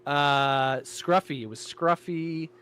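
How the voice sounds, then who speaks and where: A man in casual chat, telling a lively story about directing his show and acting out quoted lines. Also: on the high side, takes it slowly, smooth. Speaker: guest, creator and director of an audio show.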